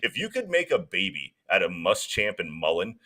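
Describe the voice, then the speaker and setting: A man's voice: sits low, very animated, moderate pace, pushed and bright. A man co-hosting a casual sports podcast, rambling and joking in exaggerated terms. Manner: jokey, rambling, exaggerates for laughs.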